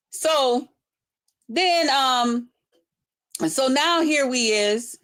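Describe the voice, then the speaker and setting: A woman's voice: high-pitched, very slow, pauses often, a bit bright. A woman vlogger delivering a confrontational, heavily profane monologue, repeating herself for emphasis. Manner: profane, confrontational, heavy swearing; repetitive, emphatic. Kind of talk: casual ranting monologue.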